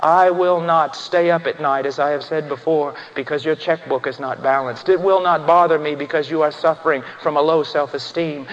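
A man preaching an impassioned sermon, swinging from hushed, solemn passages to ringing, shouted emphasis. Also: a little high. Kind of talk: fiery sermon. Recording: dull sound in a reverberant church hall.

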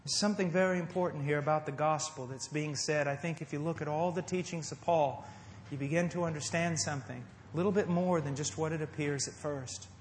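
Impassioned high-voiced male preacher, echoey hall. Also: fairly even intonation, a little fast, slight background noise. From United States. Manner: impassioned preaching, swinging between loud emphasis and hushed tenderness. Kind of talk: sermon. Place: church service before a congregation.

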